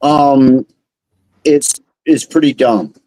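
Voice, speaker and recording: A man's voice: medium pitch, very slow, warm tone, no room sound, low-quality recording. A man rambling bluntly in casual livestream chat. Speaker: livestream guest.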